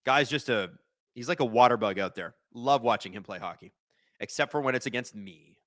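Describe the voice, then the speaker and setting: A man's voice: mid-range voice, brisk. A man hosting a live watch-along stream, commenting on the game, joking and reading out viewers' chat messages. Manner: excitable, joking, chats with viewers.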